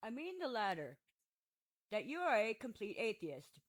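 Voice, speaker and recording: Woman reading a stubborn young accuser, short blunt answers, kinda high voice. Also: big pitch swings, moderate pace. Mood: curt. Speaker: audiobook narrator. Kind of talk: audiobook reading of a classic dialogue.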